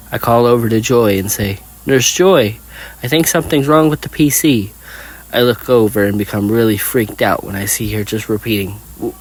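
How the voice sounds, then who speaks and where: Man, low-ish voice, plain steady first-person story narration.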